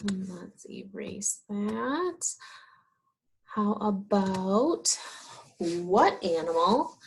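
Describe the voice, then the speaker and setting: A woman leads a lesson for small children, her pitch rising and falling in a sing-song way. She talks very slowly and stretches each word. She asks a question, waits, then gives the answer warmly. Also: big pitch swings. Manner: asks questions and answers them, drawn-out and encouraging. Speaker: teacher. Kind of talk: slow, sing-song teaching of young children.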